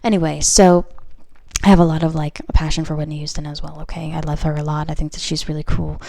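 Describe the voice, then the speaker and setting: A young woman reads tarot casually to camera in a low, fast, gravelly yet warm voice with little pitch movement. She is chatty and leans heavily on "like" and "okay?"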